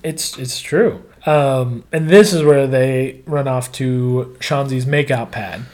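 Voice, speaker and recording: A man's voice: medium pitch, takes it slowly, a little mellow. A man co-hosting a podcast, casually recapping a TV episode, laughing often and quoting scenes in put-on voices. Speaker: podcast co-host.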